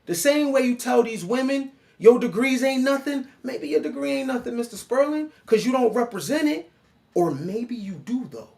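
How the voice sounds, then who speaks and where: A man giving an animated commentary monologue, mocking and lecturing the person he addresses. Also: extremely high pitch, moderate pace, creaky. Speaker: online commentator.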